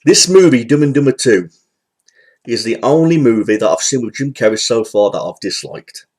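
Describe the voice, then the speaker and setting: A man's voice: mid-range voice, expressive, normal speed, a little mellow. Guy in his 30s rambling thru a movie rant, swears a bit, says you know a lot. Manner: rambling, repeats himself, frequent fillers, occasional swearing. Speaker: movie reviewer. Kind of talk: casual spoken film rant.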